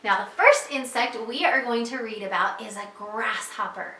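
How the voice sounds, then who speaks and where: Woman, preschool teacher, slow and clear, encouraging questions, fairly high voice, echoey room. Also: sharp tone. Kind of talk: online preschool reading lesson.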